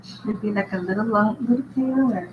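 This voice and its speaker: A woman's voice: medium pitch, a little fast. A woman hosting a live drawing show, chatting casually and thinking aloud with little giggles as she sketches. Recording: dull echoey recording with steady background noise.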